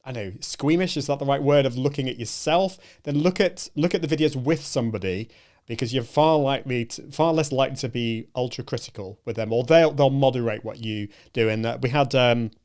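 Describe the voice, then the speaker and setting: A man hosting a conversation, encouraging and warm-hearted in tone, often restarting his sentences. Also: mid-range voice, fairly quick. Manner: encouraging, hesitant with many restarts. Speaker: show host. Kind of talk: casual conversation.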